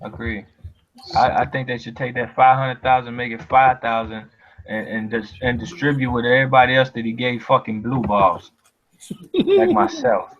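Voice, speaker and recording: A man's voice: medium pitch, flat delivery, normal speed, fairly bright tone. Man ranting profanely on a lo-fi stream. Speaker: co-host. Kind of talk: casual profane fight chat. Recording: lo-fi dull audio.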